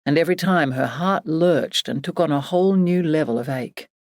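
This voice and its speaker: Female audiobook narrator, low-pitched, steady storytelling, dry close sound. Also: dry recording. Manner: measured, even storytelling.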